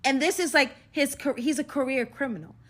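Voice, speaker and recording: A woman's voice: high voice, a little fast, a bit bright, slight background noise. A young adult woman recounting a personal story in a casual vlog, rambling and filler-heavy.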